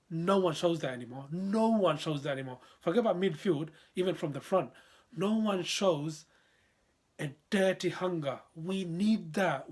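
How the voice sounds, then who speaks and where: A man's voice: fairly high pitch, husky. A man giving a passionate, frustrated fan review of his football team in a slangy way.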